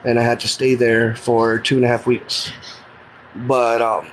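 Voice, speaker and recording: Middle-aged man, earnest and plain-spoken, mid-pitched voice, telling his own story, faint hiss behind. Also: little pitch movement, a little slow, poor audio. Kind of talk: casual personal storytelling.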